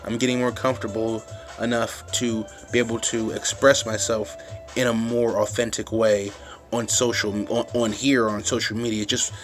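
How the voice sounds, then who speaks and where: A man's voice: on the low side, flat delivery, normal speed, soft background music. A man ranting casually to his phone camera, rambling with frequent restarts and swearing, getting fired up at times. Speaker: vlogger.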